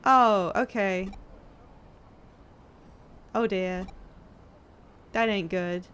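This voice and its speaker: Very slow and smooth, this woman's mid-range voice carries a slightly bright tone. During her live gameplay stream she talks casually with viewers, cracking jokes and responding to chat as she goes.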